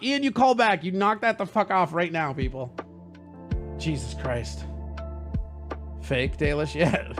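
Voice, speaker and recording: A man's voice: fairly high pitch, slow pace, long pauses, fairly bright tone, soft background music. A man hosting a live call-in show, laughing often and swearing in a loose, rambling way. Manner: giggly, profane, rambling.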